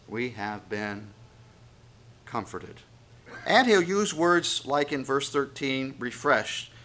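A man pastor preaching a sermon, reading scripture and swinging from quiet, intimate passages to loud, raised appeals. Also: medium pitch.

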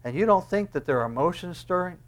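An older man preaches a sermon in a slightly raised voice. He drops to near-whispers and then climbs to loud, impassioned peaks, acting out the voices he quotes along the way. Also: high voice, lively intonation, fast talker. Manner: dramatic swings from quiet to loud, acting out quotes.

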